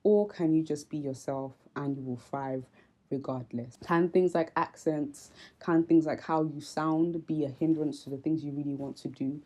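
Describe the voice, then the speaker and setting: Low, mellow Nigerian-British woman host. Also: normal speed, low-quality recording. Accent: Nigerian with British influence. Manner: earnest, reflective, many ums. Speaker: vlog host. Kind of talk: casual commentary to camera.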